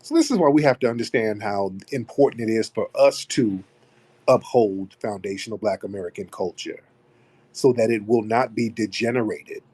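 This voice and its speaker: A man with a husky, somewhat low voice holds forth in a long monologue to a live audio room. He is emphatic, drives home his points by repeating key phrases like a refrain, and slows down to lean on names. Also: a little mellow.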